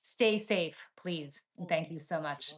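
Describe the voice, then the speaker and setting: A woman hosting a conversational political interview, chatty with quick asides. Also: sits low. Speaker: podcast host.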